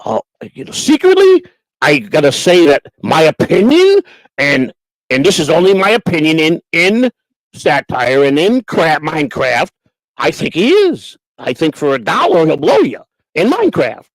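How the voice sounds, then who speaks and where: A man's voice: fairly high pitch, wildly swooping pitch, normal speed, no echo, low-quality recording. A man hosting a livestream, reading super chats in crude, grumbling, teasing casual chat. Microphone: homemade desk mic.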